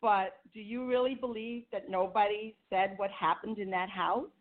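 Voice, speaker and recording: A woman's voice: medium pitch, fairly even intonation, normal speed. A woman giving a sermon, reading scripture aloud and asking her listeners rhetorical questions. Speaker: women's ministry speaker. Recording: tinny phone line.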